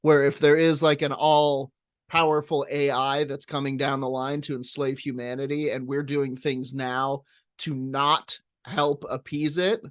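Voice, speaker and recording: A man's voice: mid-range voice, level tone, measured pace, no room sound, studio quality. A man co-hosting a comedy podcast, riffing and joking in casual chat. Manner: jokey, riffing, playful voices. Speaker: podcast co-host.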